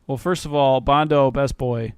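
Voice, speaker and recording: A man chatting on a podcast, animated and quick to laugh, with plenty of swearing. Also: medium pitch, clear, resonant tone, dry recording. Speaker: podcast co-host. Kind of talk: casual podcast chat.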